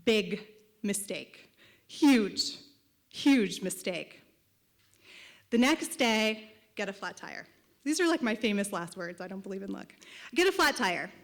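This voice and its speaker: A woman telling a funny personal story at a live storytelling show, with animated comic timing and punchy asides, into a stage microphone. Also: mid-range voice, takes it slowly, pauses often.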